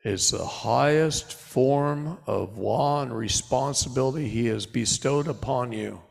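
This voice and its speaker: Middle-aged guy lecturing a crowd in a big echoey hall, gravelly voice, gets loud then goes low and quiet. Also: unhurried. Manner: animated preaching delivery, swinging from loud bursts to low asides. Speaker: seminar speaker. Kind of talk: live seminar lecture. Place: large hall before a live audience. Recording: long hall reverb.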